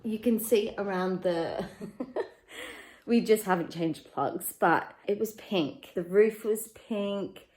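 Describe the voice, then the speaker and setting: Chatty Australian mum vlogging from home. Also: female voice, medium pitch, slow, rough recording. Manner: candid and chatty, turns quiet and emotional about parenting. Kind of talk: casual chatty life update. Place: at home, in her living room.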